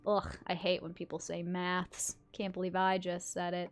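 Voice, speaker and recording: A woman's voice: on the low side, completely flat delivery, moderate pace, soft background music. A young woman streaming a video game, thinking aloud in a chatty, self-mocking way. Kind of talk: casual gameplay commentary.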